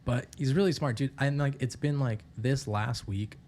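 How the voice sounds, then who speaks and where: A man's voice: mid-range voice, normal speed, darkish tone, slight background noise. A man co-hosting a podcast in loose, profane casual chat. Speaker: podcast co-host.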